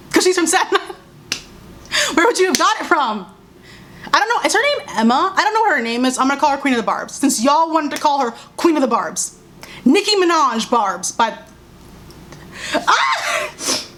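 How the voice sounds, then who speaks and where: A woman's voice: on the high side, a little hiss or hum. A young woman giving a sarcastic, exasperated casual commentary rant as a video creator, talking to the camera at home. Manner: exasperated, sarcastic, animated, with mocking voices and laughs.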